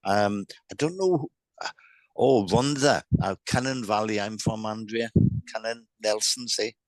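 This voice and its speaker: A man's voice: lowish voice, unhurried, no room sound. A South Welsh man in his fifties, giving a live mediumship reading in a friendly, chatty way, often stammering and restarting his sentences. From South Wales.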